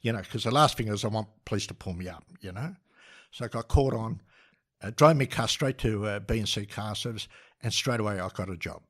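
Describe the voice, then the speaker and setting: A man's voice: on the low side, fairly quick, fairly bright tone. An older Australian man, a podcast guest, telling a story with energy, laughing and restarting often. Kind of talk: animated storytelling.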